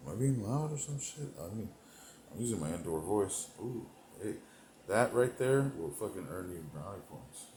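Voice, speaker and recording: A man delivering a rambling, profane comedic monologue, meandering between thoughts, laughing to himself, and swinging between loud bursts and mumbled asides. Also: fairly low pitch, sing-song, moderate pace, echoey room, slight background noise, poor audio. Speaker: comedic performer.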